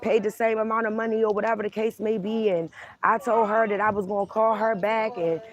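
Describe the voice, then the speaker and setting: A woman's voice: mid-range voice, little pitch movement, fairly quick, muffled recording. A young adult woman, a tarot reader, telling a casual storytime rant, heated and profane, acting out both sides of an argument.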